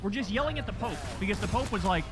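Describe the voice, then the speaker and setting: A man's voice: high-pitched, expressive, quick pace, music in the background. A man hosting a livestream news commentary, fiery and sarcastic, swearing freely as he rants. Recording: noisy livestream audio.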